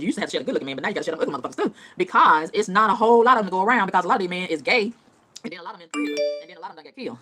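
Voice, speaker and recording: A woman's voice: mid-range voice, bright, forceful tone. A woman ranting casually to her audience in a profane, emphatic style, repeating phrases for punch. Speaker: vlogger. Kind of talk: casual rant to camera.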